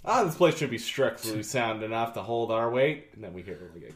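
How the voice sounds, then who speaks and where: A man at a tabletop game trading jokes, his voice leaping up and down with lively intonation. He slips in and out of character with easy banter, and the room echoes around him. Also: medium pitch, brisk, a little hiss or hum. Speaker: player. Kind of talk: tabletop role-play chat.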